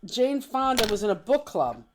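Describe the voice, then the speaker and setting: A woman's voice: fairly high pitch, big pitch swings, normal speed, noisy background. A woman running a live online craft class in a loose, talkative way. She teases her co-host and hunts for words with ums and restarts. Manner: chatty and teasing, with many ums and restarts. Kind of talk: casual chat during a live online class.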